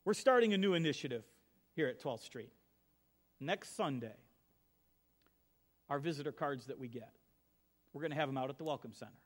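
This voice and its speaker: A middle-aged male pastor preaching a conversational sermon, telling stories, moving between soft asides and emphatic lines. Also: medium pitch, lively intonation, normal speed, pauses often.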